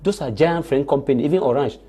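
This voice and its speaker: A man's voice: fairly high pitch, quick pace, warm tone, breathy edge. A man, arguing emphatically as a panelist on a live TV debate and repeating words when pressed.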